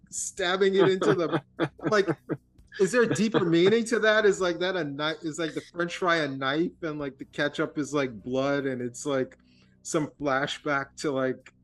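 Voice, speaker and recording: Animated man mocking a bad movie. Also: fairly high pitch, unhurried. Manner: animated, swearing, mocking impressions. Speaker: podcast co-host. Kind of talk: casual film discussion.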